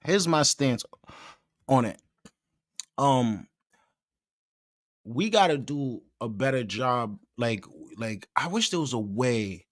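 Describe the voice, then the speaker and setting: Animated, worked-up man with lively pitch. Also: slow, long pauses, no room sound, studio quality. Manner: animated, slangy, restarts and fillers. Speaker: podcast host. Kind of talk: casual commentary.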